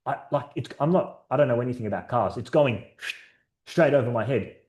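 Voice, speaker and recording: A man's voice: medium pitch, brisk, darkish tone. A man presenting a sales training session to his team over a video call, upbeat and encouraging, telling stories. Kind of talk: live online training session.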